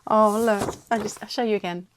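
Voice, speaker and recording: A middle-aged woman with an English accent, chatting excitably in a casual vlog. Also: mid-range voice, brisk, a little hiss or hum. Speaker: vlogger.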